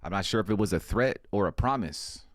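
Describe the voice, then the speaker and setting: A man's voice: lowish voice, animated, fairly quick, no room sound. A man delivering a comedic monologue, laid-back and slangy, swearing constantly.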